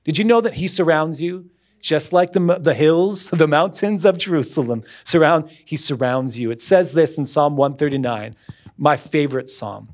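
A man's voice: on the high side, normal speed. A man as a guest pastor, preaching earnestly with repeated emphatic phrases, then leading a closing prayer.

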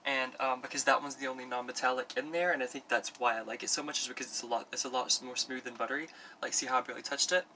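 Very bright-voiced rambling man vlogger. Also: mid-range voice, steady tone, racing, slight background noise. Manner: rambling, filler-heavy, camp self-talk. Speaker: makeup vlogger. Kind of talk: parody beauty tutorial chat. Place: at home doing his makeup.

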